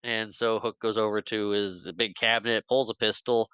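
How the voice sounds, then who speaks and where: A man with a lowish, smooth and resonant voice is recapping a film for his podcast. He tells it casually and lively, slipping into the characters' lines and laughing along. The sound is dry and close, with no room around it. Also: normal speed, dry recording, poor audio. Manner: animated retelling, acting out characters' lines with laughs. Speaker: podcast host. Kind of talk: casual movie recap chat.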